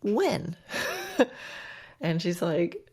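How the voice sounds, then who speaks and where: A woman with a low, grounded voice hosts a podcast and tells a story in an easy, casual way. She is chatty, laughs often, and slips into the dialogue as she tells it. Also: normal speed, darkish tone. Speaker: podcast host and riding clinician.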